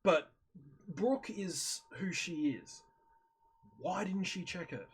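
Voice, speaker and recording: A man with a husky, slightly breathy voice that sits a bit higher than most men's. He talks casually over voice chat and tells a story with animated energy. He acts out his own reactions as he goes. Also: slow. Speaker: streamer in voice chat. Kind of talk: casual chat, retelling a video. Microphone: headset or desk mic on voice chat.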